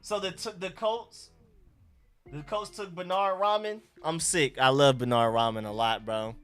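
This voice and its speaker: A man's voice: fairly high pitch, fairly even intonation, unhurried, a bit bright, smooth, soft background music. A young man with an Atlanta accent, hosting a casual live stream and reacting to chat and talking to his dog. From Georgia.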